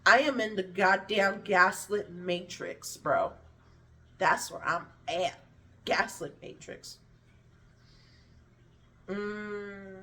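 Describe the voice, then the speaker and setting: A woman vlogger telling a painful personal story in a candid, blunt and animated way, swearing freely and acting out what others said. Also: on the low side, distant mic. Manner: blunt, profane and animated, with vivid impressions of others.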